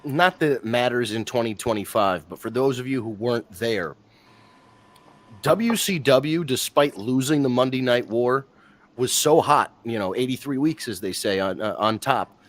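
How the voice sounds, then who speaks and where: Man, casual stream chat, rambling, animated, mid-pitched voice. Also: normal speed. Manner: rambling, animated, restarts sentences. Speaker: wrestling podcast co-host.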